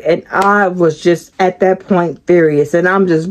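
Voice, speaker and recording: A woman vlogger and postal worker telling a dramatic story-time tale, speaking straight to her viewers in a lively way. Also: on the low side, unhurried, dull audio. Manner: animated, dramatic storytelling, talks to viewers directly.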